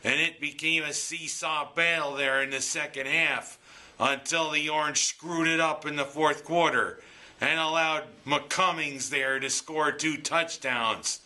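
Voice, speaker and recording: Bright-toned exasperated sports ranter. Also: male voice, a little high, fairly even intonation, unhurried. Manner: exasperated, joking, sarcastic. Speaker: sports commentator. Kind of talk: sports rant monologue.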